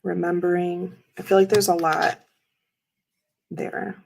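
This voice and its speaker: A woman's voice: fairly low pitch, little pitch movement, takes it slowly, vocal fry, a little mellow, low-quality recording. A woman in her thirties hosting a casual chat while showing tarot cards, talking in a rambling, chatty way with lots of fillers. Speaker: tarot reader and livestream host.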